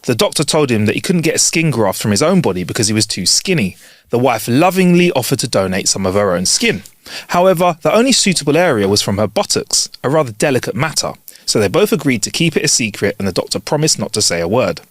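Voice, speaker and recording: A man's voice: mid-range voice, very animated, quick pace, no echo. A man co-hosting a casual comedy podcast, reading jokes aloud and laughing often. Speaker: podcast co-host.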